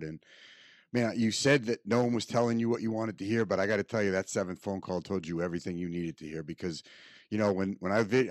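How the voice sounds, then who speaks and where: A man hosting a podcast, responding to his guest in an earnest, emotional, measured way. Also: deep voice, a little mellow, dry recording, studio quality. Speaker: podcast host. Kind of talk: reflective interview talk.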